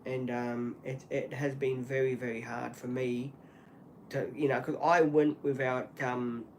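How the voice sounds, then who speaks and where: A man hosting a solo livestream, talking earnestly and apologetically in halting speech with many restarts and fillers. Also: mid-range voice, level tone, a little hiss or hum. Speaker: channel host.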